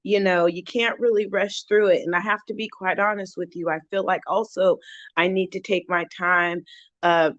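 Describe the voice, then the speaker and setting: Earnest low-voiced woman, muffled recording. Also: steady tone, moderate pace, fairly bright tone, dry recording. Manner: earnest, heartfelt, with frequent restarts. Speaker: recovery channel host. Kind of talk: casual livestream chat.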